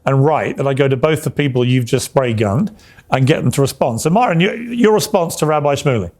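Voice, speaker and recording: A man's voice: medium pitch, animated, a little mellow. A man hosting and moderating a panel debate, firmly giving the guests their turns. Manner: brisk, firm, hands out turns. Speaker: host, moderator.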